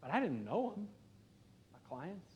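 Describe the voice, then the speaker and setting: A middle-aged man preaching as pastor in a church, talking conversationally and earnestly, dropping to quiet emphasis at times. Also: high-pitched, big pitch swings, unhurried, lo-fi sound. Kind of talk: sermon. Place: church sanctuary.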